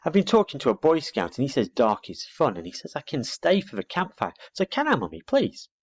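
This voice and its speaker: A man's voice: mid-range voice, fairly quick, pitched above the performer's own voice. A man voicing a small, timid but eager young barn owl chick in a storybook reading. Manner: excitable, earnest. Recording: dull lo-fi recording.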